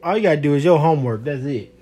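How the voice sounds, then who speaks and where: A man's voice: a little high, lively intonation, racing, dark tone, soft background music. A man chatting casually with his child, teasing and joking in a loose, slangy way. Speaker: parent.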